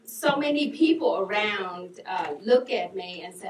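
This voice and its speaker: A woman who learned English later in life, speaking as a panelist and telling her story with frequent laughter and halting phrases. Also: mid-range voice, lively intonation, crowd noise. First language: not English. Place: movie theater. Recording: echoey room, distant mic, noise.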